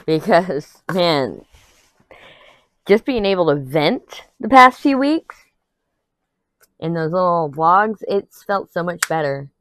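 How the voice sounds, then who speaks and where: A woman's voice: fairly low pitch, big pitch swings, slow pace, pauses often, fairly bright tone, no room sound. A young adult woman chatting candidly to her viewers while crafting, rambling and venting with some laughs. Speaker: vlogger. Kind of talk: casual chat to camera while crafting.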